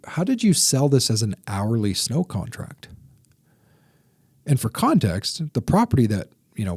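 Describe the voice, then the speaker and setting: A man's voice: fairly low pitch, dark tone, husky, no echo, studio quality. A man from Canada hosting a podcast, telling a business story with lots of "like" fillers and acting out both sides of a phone call. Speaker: podcast host. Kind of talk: casual storytelling monologue.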